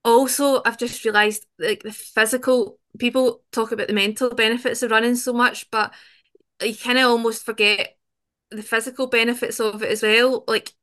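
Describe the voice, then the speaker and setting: A woman's voice: fairly high pitch, flat delivery, normal speed, fairly bright tone. A woman, a podcast guest talking openly and chattily, with frequent restarts. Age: 20s. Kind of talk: conversational interview.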